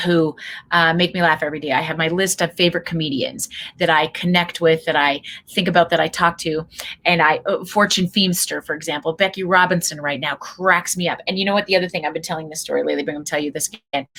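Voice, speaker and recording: A middle-aged woman leads a workshop with an energetic motivational talk. Her voice sits low for a woman but has a bright, forceful edge. She tells stories with animated energy. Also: rough recording. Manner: animated storyteller, acts out quotes loudly. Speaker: speaker leading a workshop.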